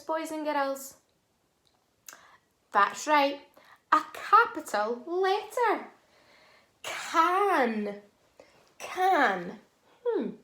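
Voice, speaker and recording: Slow, high-voiced woman teacher. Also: a bit bright, roomy sound. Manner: slow, clearly sounded-out teacher voice. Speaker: primary school teacher. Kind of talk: phonics lesson for young children.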